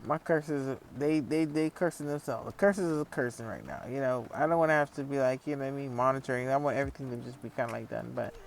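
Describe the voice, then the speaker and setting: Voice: medium pitch, quick pace, gravelly, few pauses, slight background noise. A vlogger talking in a casual, rambling monologue, swearing a lot and full of fillers, acting out other people when telling stories. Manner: profane, rambling, frequent fillers; lively storyteller acting out others.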